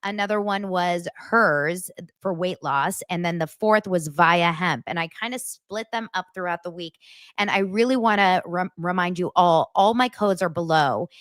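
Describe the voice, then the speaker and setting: A woman hosting her own podcast, talking straight to her listeners in animated, casual commentary with lots of filler words. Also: fairly low pitch, moderate pace, dry recording, studio quality. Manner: animated, talks directly to listeners, many "like" fillers. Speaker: podcast host.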